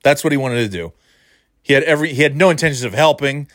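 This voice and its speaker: A man's voice: mid-range voice, animated, fast, a bit bright, dry recording, clean studio sound. A man delivering an angry, profane rant with choppy, restarting sentences. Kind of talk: ranting monologue.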